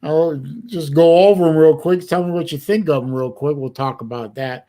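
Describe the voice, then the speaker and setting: Halting man hosting a livestream chat. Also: a little high, fairly even intonation, dark tone. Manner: halting, many restarts while fiddling with an app. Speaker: livestream host. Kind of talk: casual chat.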